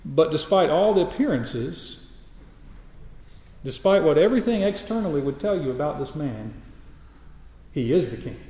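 A man's voice: on the high side, lively intonation, normal speed, pauses often, warm tone, heavy reverb, long reverb tail, rough recording. A man preaching a sermon, reading scripture aloud and building his points through repeated emphatic phrases. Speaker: pastor.

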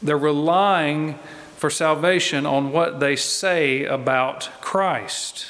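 A man preaching a sermon in a slow, deliberate way, pressing his points with emphatic repetition. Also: fairly high pitch, a bit bright. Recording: long reverb of a large hall.

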